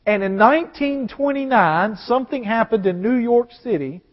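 A Southern-accented man preaching, his voice pitched high for a man and moving between easy conversation and ringing declarations. His voice rings through a large hall with a long reverb. The recording is muffled and dull. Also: animated, normal speed. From American South. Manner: conversational, rising to emphatic proclamation. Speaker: pastor. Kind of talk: sermon.

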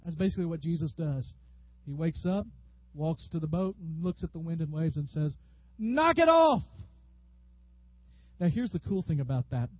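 A man with a high voice preaches a sermon. He tells stories with lively energy and bursts out loudly when acting out what people said. The recording is dry and slightly dull. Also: brisk, dry recording. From Tennessee, USA. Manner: animated, storytelling preacher who acts out quotes loudly. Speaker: pastor.

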